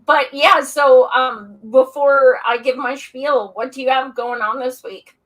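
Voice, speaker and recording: Bright-voiced, blunt woman co-host. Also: high voice, fairly even intonation, measured pace, low-quality recording. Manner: blunt, outspoken and playful. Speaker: podcast co-host. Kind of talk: casual political podcast chat.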